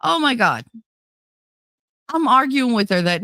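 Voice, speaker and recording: A woman's voice: sits high, sing-song, unhurried, bright, forceful tone, no room sound, clean studio sound. A woman hosting a casual livestream, blunt and profane, reading chat aloud while tired and running on fumes. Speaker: livestream host.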